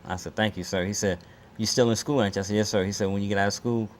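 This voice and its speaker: A man's voice: fairly low pitch, fast talker, noisy background. A man telling a story with life, acting out quotes and laughing as he goes. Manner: animated, acts out quotes, laughs while telling. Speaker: interviewee, former performer. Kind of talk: lively storytelling.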